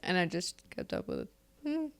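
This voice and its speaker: A woman's voice: lowish voice, huge pitch swings, moderate pace, gravelly. A woman in her thirties co-hosting a podcast, chatting casually and laughing often as she tells family stories. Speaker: podcast co-host. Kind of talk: casual chat.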